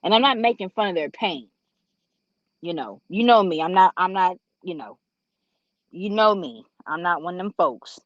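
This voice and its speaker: Guest, casual chat, emphatic, rambling, mid pitch, dull dry video call sound. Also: animated, normal speed, a bit bright, no room sound. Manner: rambling, emphatic, playful repetition.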